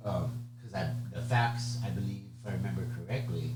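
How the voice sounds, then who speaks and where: A man's voice: deep voice, brisk, over loud music. A man giving a conversational exam lecture, chatty, often checking in with "okay?" and "right?". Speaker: bar exam tutor. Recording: echoey room with steady hum.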